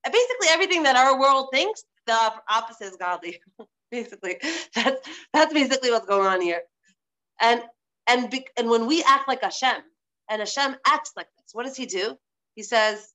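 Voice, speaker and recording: A woman's voice: on the high side, expressive, a little fast, pushed and bright. A woman teaching a live online religious class, stressing points by repeating phrases, over a video call.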